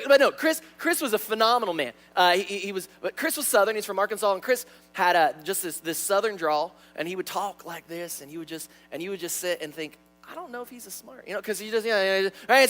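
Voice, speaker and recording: A young man preaching a sermon in a church, animated and stuttering, often repeating words. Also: sits high, quick pace, few pauses, faint music behind. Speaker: pastor. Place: church sanctuary.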